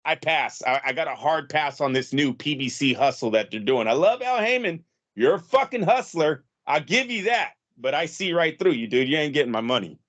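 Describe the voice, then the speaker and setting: A man's voice: fairly high pitch, animated, normal speed, fairly bright tone. A man co-hosting a boxing podcast, talking bluntly and heatedly with plenty of swearing. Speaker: podcast co-host. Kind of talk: casual boxing talk.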